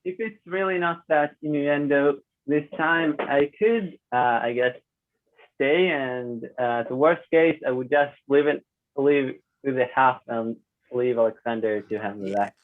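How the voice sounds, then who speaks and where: A man's voice: mid-range voice, a little slow, narrow, tinny audio. A man on a quiz panel, correcting and teasing the host in a dry way. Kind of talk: casual panel banter.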